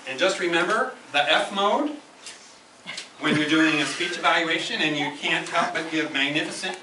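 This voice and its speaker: A man's voice: on the high side, normal speed, background noise. A man giving an instructive club speech, emphatic and repeating key phrases to drive points home. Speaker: speaker at a speaking club meeting. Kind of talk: prepared educational speech. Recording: echoey room, camera from far off.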